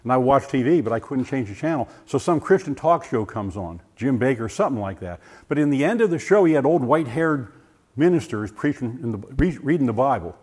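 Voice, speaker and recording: An older man giving a personal testimony, animated and full of restarts, acting out voices as he tells the story. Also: medium pitch, brisk, husky. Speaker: former science teacher giving a testimony. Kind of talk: personal testimony talk to a group.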